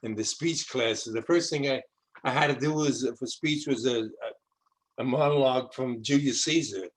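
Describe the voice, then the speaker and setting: A man's voice: mid-range voice, normal speed, poor audio. Older New man, rambling host. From South Bronx, New York. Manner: rambling, repeats words and restarts. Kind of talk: casual interview chat. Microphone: video call.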